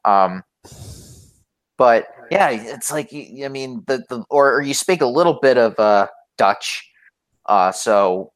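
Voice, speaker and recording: A man's voice: medium pitch, expressive, slow pace. A man from Florida chatting casually on a podcast, rambling with many fillers and restarts. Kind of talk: casual chat.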